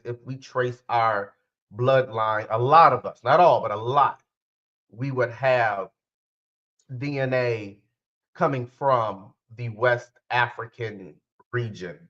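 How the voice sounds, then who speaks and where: Talking directly to his listeners in a loose, rambling way, this podcast host and spiritual life coach corrects himself often. He has a medium-pitched, slightly bright voice, heard through dull audio.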